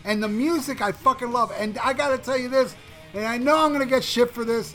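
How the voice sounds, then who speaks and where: A man's voice: very high voice, brisk, a bit bright. A man co-hosting a casual music review chat, rambling with lots of swearing and restarts. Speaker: music podcast co-host reviewing songs.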